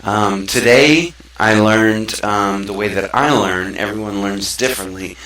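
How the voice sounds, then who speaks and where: A man's voice: lowish voice, measured pace, sharp tone. A man from Mississippi hosting his own show, talking in an earnest, rambling, conversational way. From South Mississippi, USA. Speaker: show host. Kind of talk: casual talk-show monologue. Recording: echoey room, far from the mic.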